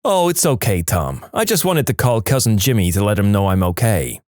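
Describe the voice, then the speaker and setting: Folksy, chatty cousin type, as a male narrator puts him on, lively rise and fall, dry close sound. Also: on the low side, a little fast, no room sound, voice pushed down. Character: folksy man, cousin Al, talkative.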